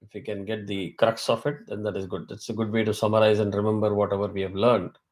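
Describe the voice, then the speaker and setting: A man teaching a chanting class over a video call, reciting verses slowly and correcting pronunciation syllable by syllable. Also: fairly low pitch, level tone, darkish tone. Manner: slow, careful syllable-by-syllable recitation.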